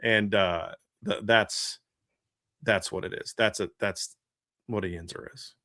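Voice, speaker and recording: A man's voice: on the low side, fairly even intonation, takes it slowly, pushed and bright, dry recording. Southern guy rambling about football on a podcast, dry close sound, keeps restarting. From American South. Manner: rambling, restarts, laughs often. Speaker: co-host. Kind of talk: casual sports podcast chat.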